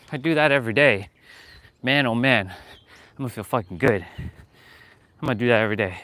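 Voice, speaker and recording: A man's voice: medium pitch, normal speed, pushed and bright. A man with a Western Canadian accent hosting a casual live stream, chatty and loose, laughing often and swearing freely. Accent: Western Canadian English. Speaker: fitness live-stream host. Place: lives in Canada.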